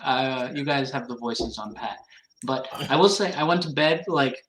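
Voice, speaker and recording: A man's voice: medium pitch, moderate pace, fairly bright tone, a little hiss or hum. A man on a podcast video call from his new office, laid-back and blunt, swearing casually. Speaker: podcast co-host. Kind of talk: casual chat. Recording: echoey and distant from mic.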